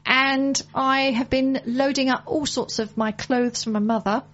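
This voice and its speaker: A woman's voice: sits high, steady tone, a little slow, a bit bright. A woman from the UK hosting a casual radio show, chatting and reminding listeners about charity events. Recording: muffled lo-fi broadcast audio.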